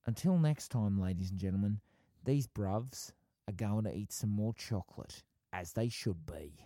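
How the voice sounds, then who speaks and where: A man's voice: lowish voice, expressive, normal speed, dark tone, no room sound, close to an everyday voice. A man voicing a cheery male Easter Bunny with a put-on Australian accent, rambling a folksy farewell to listeners. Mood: chummy. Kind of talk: comic impression on a podcast.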